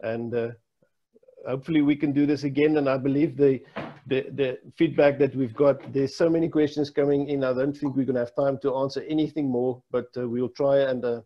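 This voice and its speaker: Male moderator, mid pitch, polite and halting, muffled video-call sound. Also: fairly even intonation. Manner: polite, hesitant with fillers. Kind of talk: online panel moderation.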